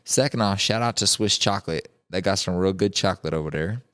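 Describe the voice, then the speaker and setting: A man's voice: low-pitched, a little fast, a bit bright. A man hosting a podcast in casual chat, joking and swearing as he rambles through the news. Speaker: podcast host.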